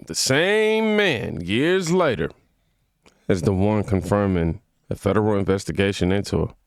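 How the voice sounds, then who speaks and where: A man's voice: sits low, gravelly, dry recording, clean studio sound. A man hosting a political reaction channel, talking in a slangy, mocking way with asides to his viewers. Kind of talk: casual political reaction commentary.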